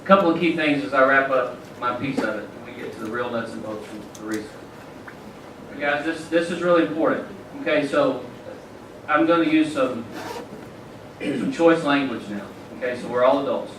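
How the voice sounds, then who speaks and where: A man's voice: mid-range voice, moderate pace, background noise. Folksy man telling stories in a hall. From Southern US. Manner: folksy, joking, addresses the crowd directly. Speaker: featured event speaker. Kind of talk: storytelling speech to an audience. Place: large event hall indoors. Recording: echoey hall from far off.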